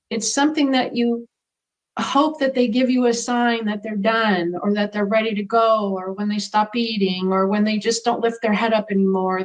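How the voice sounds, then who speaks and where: A woman's voice: fairly high pitch, rough recording. A middle-aged woman being interviewed as a guest, talking in an earnest, reflective way about what she has lived through. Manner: earnest, reflective, speaks from personal experience. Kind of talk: conversational interview.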